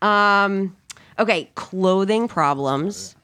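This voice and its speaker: A woman's voice: mid-range voice, extremely slow, fairly bright tone, a little hiss or hum. A woman guest on a casual podcast, telling stories at her own expense. Her voice sits in an everyday middle range. She sounds chatty and unguarded. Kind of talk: casual chat.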